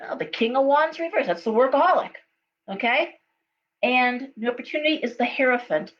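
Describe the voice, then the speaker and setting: A middle-aged woman gives a live tarot reading in a high, animated voice at a slightly quick pace. She's chatty and tells stories, dropping frequent okays and ums. The recording sounds dull and lo-fi, with a faint hum.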